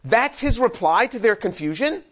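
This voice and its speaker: A man's voice: sits high, sing-song, normal speed, a bit bright. A man preaching a sermon, reading scripture aloud and acting out the quoted lines with humor. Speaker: pastor.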